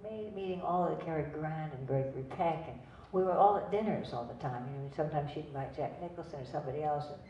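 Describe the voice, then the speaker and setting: Talking fast with few pauses, an older actress with a low, dark voice tells digressive, chatty stories before an audience at a cinema and laughs at her own jokes. Slight background noise runs through the distant, roomy lo-fi venue recording.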